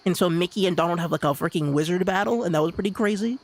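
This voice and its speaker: A live streamer in casual chat, rambling and excitable, with lots of stammered restarts. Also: medium pitch, fast talker.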